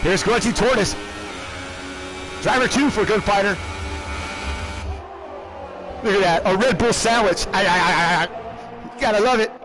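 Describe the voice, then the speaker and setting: A man commentating a sim race live, animated and shouting in bursts, often repeating words quickly. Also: sits high, over music. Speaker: race commentator and league team owner.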